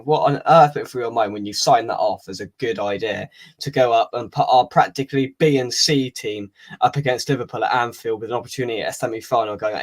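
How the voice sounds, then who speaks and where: Bloke, podcast host, casual rambling football chat. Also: male voice, medium pitch. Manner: chatty, rambling storyteller.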